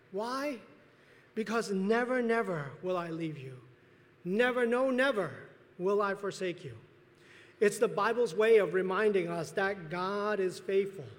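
A man preaching a sermon as pastor, earnest, pausing and restarting as he speaks, in a church sanctuary. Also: high voice. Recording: long hall reverb.

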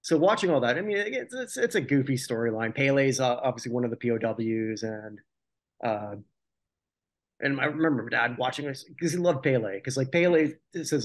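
This man's mid-range voice is expressive and moves at a moderate pace as he co-hosts a podcast. Chatting casually about old television, he wanders off on tangents, cracks jokes, and starts over many times to fix what he said.

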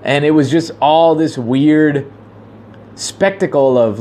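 A man giving a casual commentary monologue, rambling with frequent fillers and restarts, growing animated when he retells a story. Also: a little high, slow pace, slight background noise.

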